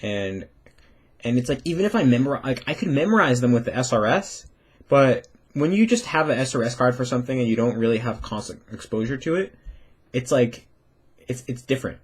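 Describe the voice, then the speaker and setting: Young man, breathy husky voice, rambling casual vlog monologue, swears now and then. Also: mid-range voice, expressive, brisk. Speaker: language-learning vlogger.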